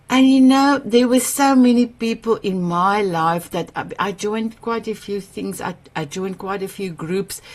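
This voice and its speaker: This summit host, a South African woman whose language is Afrikaans, speaks at medium pitch on a video call. She recounts personal stories with effusive, emotional warmth and plenty of laughter.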